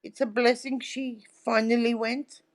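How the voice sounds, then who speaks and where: Brief: middle-aged woman guest, higher voice, unhurried chatty storyteller. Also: little pitch movement. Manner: chatty storyteller, tags lines with "right?". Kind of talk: casual interview chat.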